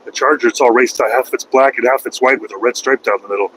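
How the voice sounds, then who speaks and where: A man's voice: mid-range voice, steady tone, racing, pushed and bright, a little hiss or hum, rough recording. A man who drives a truck, chatting casually and rambling from the road, with slangy talk that repeats itself and trails off. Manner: loose and conversational, slangy, repeats himself and trails off. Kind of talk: casual rambling vlog chat.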